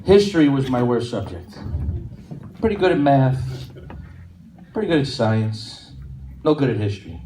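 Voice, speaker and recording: A man's voice: mid-range voice, sing-song, unhurried, pauses often, warm tone. A middle-aged man doing chatty, punchy stand-up comedy on a club stage. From New Jersey. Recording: echoey club from far off with noise.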